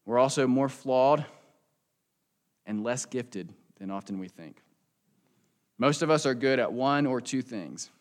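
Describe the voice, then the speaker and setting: A man preaching a sermon in a church as a pastor, in an earnest, conversational way, and closing in a quiet prayer. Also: medium pitch, expressive, a little slow, long pauses.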